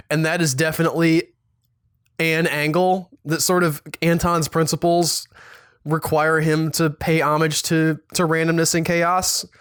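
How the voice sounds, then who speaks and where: A man's voice: fairly high pitch, no echo, clean studio sound. A man co-hosting a podcast, chatting casually about a film in a rambling way that keeps correcting itself. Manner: rambling, self-correcting, animated asides. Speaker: podcast co-host. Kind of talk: casual film review chat.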